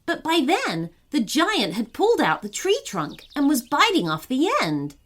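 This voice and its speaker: Expressieve vertelster van een slaapverhaal. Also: female voice, high-pitched, unhurried. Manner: expressive, storybook reading. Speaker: storyteller. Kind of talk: scripted bedtime story narration.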